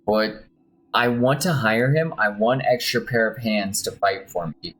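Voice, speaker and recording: A man's voice: on the low side, a little slow, fairly bright tone, poor audio. A man playing a role-playing game, chatting casually and poking fun at himself while reading game text aloud. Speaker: gamer playing on stream. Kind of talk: casual gameplay commentary. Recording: faint game music behind.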